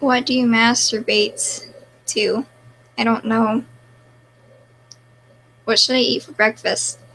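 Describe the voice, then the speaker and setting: A woman's voice: a little high, level tone, takes it slowly, a bit bright. A woman live streaming in casual chat, reading out viewer comments and answering them in an offhand, mumbling way, with a crackly voice.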